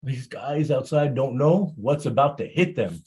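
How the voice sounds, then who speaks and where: Husky-voiced man preaching with halting fillers. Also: medium pitch, expressive, darkish tone. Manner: halting, many fillers and repeated words. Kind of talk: Muharram sermon.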